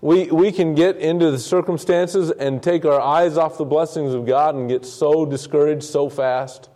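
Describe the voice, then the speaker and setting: A man's voice: on the high side, steady tone, normal speed, mellow. A man teaching a sermon on a Bible passage in a conversational way, repeating words and acting out the people's complaints. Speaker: preacher.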